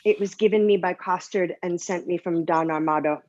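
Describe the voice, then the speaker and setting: A woman's voice: fairly low pitch, brisk, darkish tone, natural voice. An actress playing a deferential, polite country girl in a live-streamed Shakespeare reading. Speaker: actor. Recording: dull, lo-fi audio.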